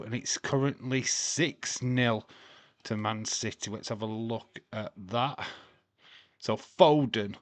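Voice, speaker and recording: A man's voice: medium pitch, no room sound. Chatty swearing man hosting a watch-along. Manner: chatty, swears freely, laughs often, reads scores aloud. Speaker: live stream host. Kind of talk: casual live watch-along commentary.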